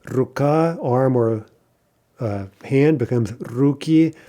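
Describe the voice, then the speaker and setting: A middle-aged man teaching a recorded language lesson, explaining patiently, often adding "right?" and slowing down to say example words. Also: mid-range voice, dark tone.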